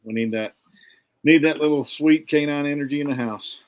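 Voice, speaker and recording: A man's voice: on the high side, normal speed, highs cut off. Easygoing man chatting on a podcast. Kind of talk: casual chat.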